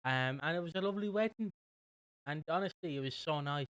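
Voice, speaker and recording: A young British man co-hosting a podcast, casually recapping a soap with a rambling, animated manner. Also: a little high, fairly quick, no echo. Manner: rambling, animated retelling with quoted voices. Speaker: podcast co-host.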